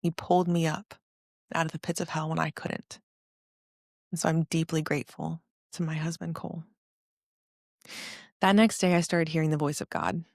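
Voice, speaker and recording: Woman around forty, podcast host, earnest confessional testimony; low voice, dry close sound. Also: level tone, normal speed, creaky, long pauses, no echo. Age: about 40. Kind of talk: personal testimony storytelling.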